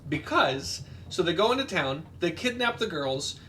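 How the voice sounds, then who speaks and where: A man's voice: high-pitched, very animated, normal speed, a bit bright, recorded from a distance, a little hiss or hum. A man casually retelling a movie plot while playing a game, rambling with lots of fillers and quoted lines. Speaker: podcast co-host.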